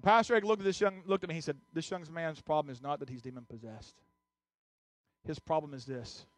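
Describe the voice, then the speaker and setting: A man's voice: a little high, steady tone, a little fast, no room sound. A male pastor preaching a sermon, telling a personal story before urging the congregation with rising intensity. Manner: storytelling that builds to urgent exhortation.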